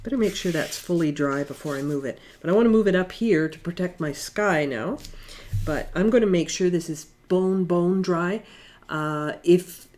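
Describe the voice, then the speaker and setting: A middle-aged woman giving a casual watercolor painting demonstration in her studio, talking in a relaxed, chatty way with fillers. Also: on the low side. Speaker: watercolor art instructor.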